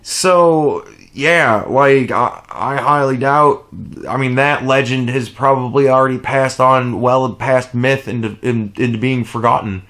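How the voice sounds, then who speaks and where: Speaking at a measured pace, a man in his late thirties rambles through a vulgar tale for his casual vlog. He often laughs, and his voice veers between soft mumbling and loud bursts.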